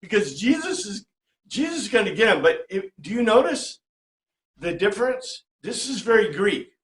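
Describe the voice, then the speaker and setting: A man's voice: high voice, sing-song, normal speed, reverberant. A man teaching a Bible class in a conversational way, often checking in with his listeners. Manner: chatty, checks in with "right?". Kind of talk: informal lecture to a class.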